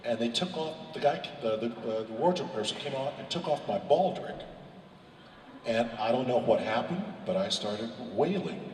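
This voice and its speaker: Male panelist, expressive storyteller, echoey hall sound with faint noise. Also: mid-range voice, moderate pace, far from the mic. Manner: animated, acts out quotes with big voice swings. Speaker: convention panelist. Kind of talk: animated anecdote on a convention panel. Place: large convention hall.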